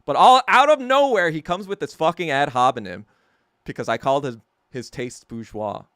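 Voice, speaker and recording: This podcast host's voice is a little high, animated, fairly bright, clear, and resonant, moving at a normal speed. He tells a story as a heated, profane, sarcastic casual rant, laughing at himself, in clean studio sound with no echo.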